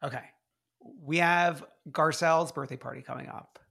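Laughing often, this male co-host animatedly tells stories while recapping a reality show on a podcast. His pitch is fairly high and steady at a normal speed, with a sharp, husky edge and some vocal fry.

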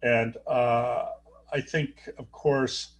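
A middle-aged man talks through a story in an interview, stopping and restarting with lots of filler sounds. His pitch sits in an ordinary middle range for a man. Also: fairly even intonation, background noise. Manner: halting, many fillers and restarts. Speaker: guest, neurosurgeon.

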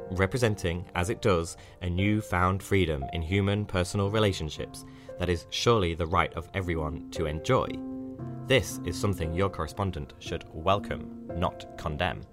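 A male podcast host giving wry, conversational scripted narration. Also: low voice. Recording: narration over music.

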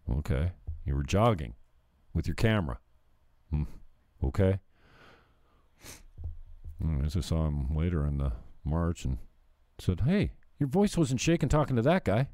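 A man's voice: sits low, very animated, moderate pace, long pauses, dark tone, no room sound, clean studio sound. A man ranting bluntly on a livestream, swearing and mocking people as he chats. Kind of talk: profane ranting chat.

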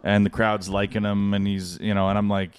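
A man's voice: on the low side, little pitch movement, brisk, clean tone. A young adult man and comedian co-hosting a podcast, telling rambling comedic stories with lots of fillers and restarts. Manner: rambling anecdotes full of "like" and restarts. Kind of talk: casual comedic storytelling.

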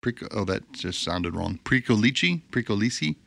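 An American man rambles through his notes as a podcast co-host, pausing on ums and stumbling over hard words. His voice sits at a middling pitch and sounds dry and close to the mic, with no room around it. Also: expressive, fairly bright tone, no echo. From United States. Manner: rambling, hesitant, fills with ums. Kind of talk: casual podcast chat.

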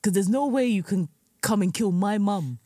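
Woman, podcast guest, laid-back, blunt, lively pitch, dry recording. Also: moderate pace, no echo. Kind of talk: casual chat.

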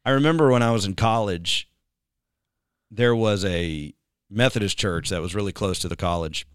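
Rambling worship pastor, smooth low voice. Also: male voice, normal speed, no room sound, clean studio sound. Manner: rambling, filler-heavy, breaks into singing snippets. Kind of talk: casual chat.

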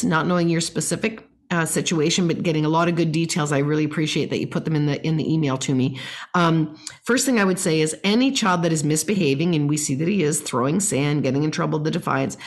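A woman's voice: low voice, a little fast. Woman podcast host giving parenting advice. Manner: warm explanatory, reads listener emails aloud. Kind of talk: casual advice talk.

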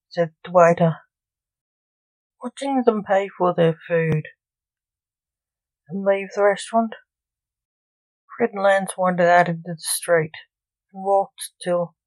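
A woman narrates a short story in a plain, even reading. Her voice sits on the low side and moves very slowly. The recording is dry and close. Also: no echo, low-quality recording.

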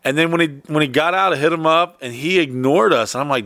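A man telling stories in casual chat, rambling and profane with quick bursts. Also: on the high side, fairly bright tone, no room sound.

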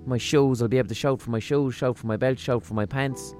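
A man with a Limerick Irish accent hosting a podcast, rambling through a casual comic monologue in a profane, deadpan-humorous way. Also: mid-range voice, brisk, faint music behind. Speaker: podcast host.

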